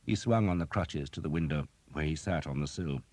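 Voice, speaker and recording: Male audiobook narrator, very deep voice, measured, dry close recording. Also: a little mellow, no room sound. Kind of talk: scripted narration.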